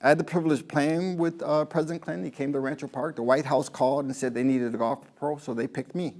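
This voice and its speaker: A man's voice: on the high side, steady tone, fast, darkish tone. A man, a golf pro, giving a rambling motivational talk to a live audience, telling stories and asking the crowd questions.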